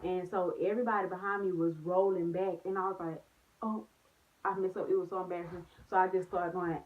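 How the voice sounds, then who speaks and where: A woman's voice: lowish voice, quick pace. A young woman chatting casually in a vlog, telling stories with lots of slang and "like"s. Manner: animated storytelling with slang and many "like"s. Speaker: vlogger. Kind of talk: storytime vlog, casual chat. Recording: phone-like narrow sound.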